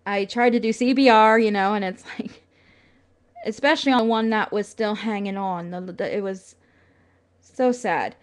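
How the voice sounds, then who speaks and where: A young woman speaking to her camera in an earnest, chatty way. She leans on fillers and small laughs, and sounds close to tears at times. Her pitch sits in a middle range. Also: moderate pace. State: tearful at times. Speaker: vlogger. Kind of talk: casual talk to camera.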